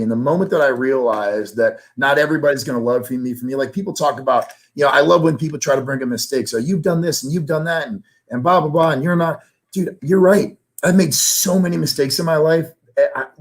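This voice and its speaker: A man's voice: fairly high pitch, fast talker, hardly any pauses, poor audio. A middle-aged man, a sales trainer and life coach, speaking candidly and emotionally as an interview guest, his voice rising when he gets passionate. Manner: earnest and emotional, grows louder when passionate.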